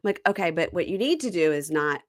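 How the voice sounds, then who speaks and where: A middle-aged woman hosting a casual chat that recaps a reality show, talking fast and acting out the cast's lines in quick voices. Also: fairly low pitch, lively intonation, no echo, clean studio sound. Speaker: podcast host.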